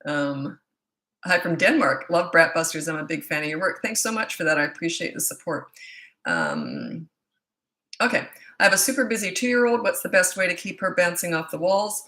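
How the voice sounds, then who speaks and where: This woman's lowish voice has a sharp tone and lively intonation, delivered at normal speed. A parenting coach in her sixties, she's casually livestreaming from home, reading out comments from viewers and rambling in between.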